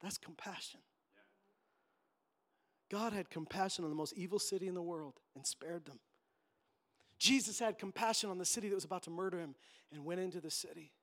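A man's voice: high-pitched, a little fast, long pauses, a bit bright. A man preaching a sermon as pastor, emphatic and impassioned, acting out quotes as he goes.

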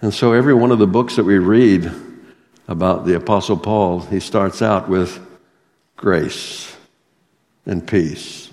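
A man's voice: sits low, measured pace, pauses often, darkish tone. A man preaching a sermon as pastor, earnest, reading out a testimony and scripture with swelling emphasis. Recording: long hall reverb.

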